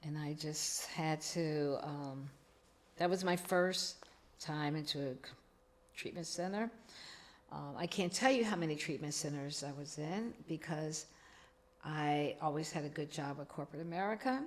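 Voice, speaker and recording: A woman's voice: deep voice, a little slow. A middle-aged woman, telling her own recovery story as a podcast guest, acting out the dialogue she quotes.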